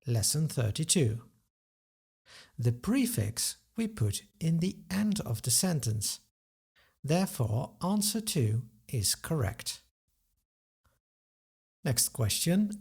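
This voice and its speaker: A man's voice: on the high side, creaky, a little mellow, slightly rough. A male language teacher giving a webinar grammar lesson, explaining answers methodically step by step and carefully sounding out example words.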